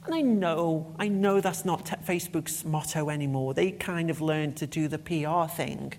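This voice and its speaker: A woman's voice: low voice, moderate pace, darkish tone, slight background noise. Passionate woman giving a conference talk. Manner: passionate, emphatic, swears when annoyed. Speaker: conference speaker.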